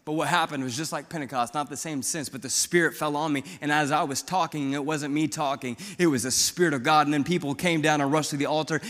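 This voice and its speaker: A young man from Missouri, a pastor, giving a sermon with his testimony, moving from quiet storytelling to loud, fervent preaching. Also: a little high, steady tone, fast, few pauses, long reverb tail. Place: church sanctuary.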